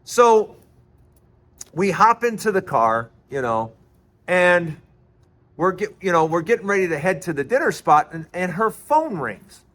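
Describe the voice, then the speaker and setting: A man's voice: high voice, sing-song, measured pace, fairly bright tone. A man telling a story in chatty commentary, laughing often and repeating himself as he goes.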